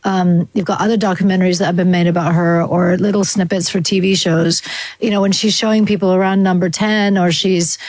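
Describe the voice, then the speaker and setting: A woman's voice: fairly low pitch, fairly even intonation, brisk, darkish tone, no echo. A woman guest answering in an interview, speaking thoughtfully and at length. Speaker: podcast guest.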